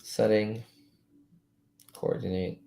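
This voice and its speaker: A man whose first language is French, chatting casually as a trading coach while he reads charts live, loose-tongued and quick to chuckle. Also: lowish voice, little pitch movement, gravelly, warm tone. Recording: roomy echo.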